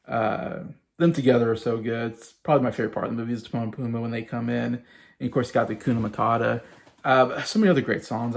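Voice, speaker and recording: A man in his thirties talks casually to his viewers, full of enthusiasm and loose fillers. His mid-pitched voice has a gravelly, fry-heavy texture. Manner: enthusiastic, rambling with many fillers. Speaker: YouTube host ranking movies. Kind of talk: casual chat.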